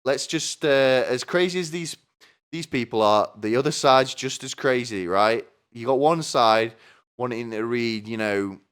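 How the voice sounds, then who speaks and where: Here a podcast host with a fairly low pitch and a fairly bright, clean tone delivers a comedic rant. It's crude and sardonic, laced with profanity, and he asks "right?" over and over.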